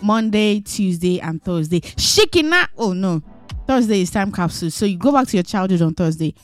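A woman's voice: lowish voice, brisk, soft background music. Playful woman radio host. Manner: animated, teasing, jokey. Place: radio studio.

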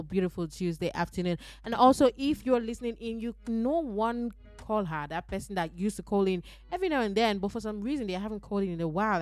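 A woman with a Nigerian accent hosting a radio call-in show from the studio, lively and coaxing, urging listeners to call in. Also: mid-range voice. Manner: lively, coaxing, laughs between lines. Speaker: radio host. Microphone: studio mic.

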